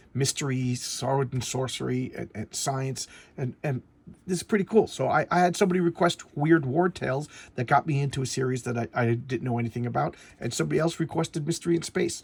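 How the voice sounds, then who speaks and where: Middle-aged guy chatting comics, kinda gravelly and husky, rambles, does little voices for the characters. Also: mid-range voice, a little fast. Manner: rambling and animated, acting out dialogue in little voices. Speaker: comic book reviewer. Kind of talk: casual comic review vlog.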